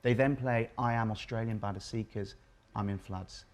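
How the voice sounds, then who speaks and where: A man from England in his forties with an English accent. He speaks as a co-host in a relaxed panel chat, and his tone is reflective and thoughtful. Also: fairly low pitch, normal speed.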